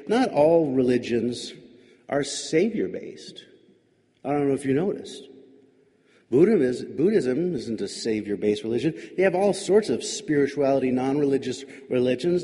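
A man's voice: medium pitch, dark tone. A male pastor giving a reflective sermon, musing aloud with wry, questioning asides. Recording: long hall reverb.

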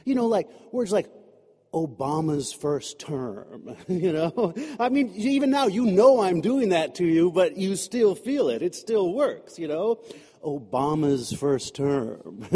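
A man with a high, mellow voice preaches in a relaxed, joking, conversational way. He fills his talk with "you know" and asides. His voice rings with a long echo, as from a church hall. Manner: chatty and humorous, many fillers like "you know". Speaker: pastor. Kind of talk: conversational sermon. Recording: echoey hall.

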